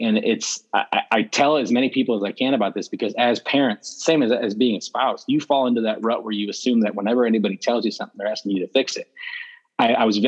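A man speaking as a podcast guest, telling stories in a blunt, profane, animated way. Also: medium pitch, breathy edge, highs cut off. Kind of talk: casual conversational interview.

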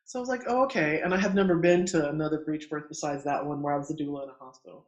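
Middle-aged male midwife, higher voice, chatty animated storyteller who acts out quotes, echoey room. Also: racing, lo-fi sound. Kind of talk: casual storytelling in conversation. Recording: roomy echo.

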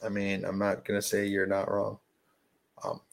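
A man co-hosting a sports podcast in casual chat, talking in halting restarts and laughing easily. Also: on the low side, monotone, gravelly. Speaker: podcast co-host.

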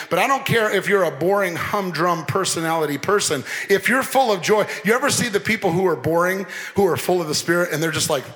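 A man preaching a lively sermon as pastor, joking and mimicking people as he talks. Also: high voice. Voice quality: animated, playful, mimics people. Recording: long hall reverb.

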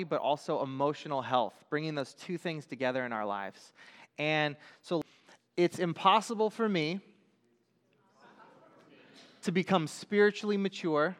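A man preaching a sermon and reading a children's story aloud, relaxed and loose, with many fillers, in a large hall. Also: on the high side, smooth. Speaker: pastor. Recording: long reverb of a large hall.

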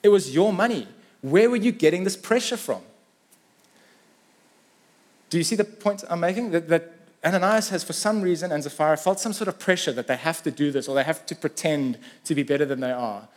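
A man preaching, his fairly high voice swinging between hushed asides and loud, drawn-out emphatic lines. He slows right down to press home key phrases. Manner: animated preaching, rising to emphatic peaks; voices Peter's challenges in a raised, slowed voice. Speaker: pastor. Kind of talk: sermon.

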